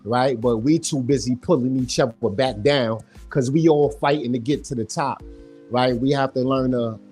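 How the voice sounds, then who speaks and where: A man's voice: mid-range voice, normal speed, darkish tone, faint music behind. Earnest man making his point. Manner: earnest, makes his point with repeated "right?". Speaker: panelist. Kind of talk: casual livestream discussion.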